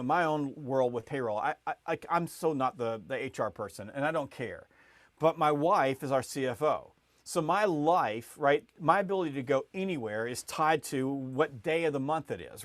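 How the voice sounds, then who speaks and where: A middle-aged man, a sales expert guest in a podcast interview, telling stories with growing energy and many quick restarts. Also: dry recording. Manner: lively, rising pitch and volume as the story builds, frequent restarts. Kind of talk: animated storytelling in a podcast interview.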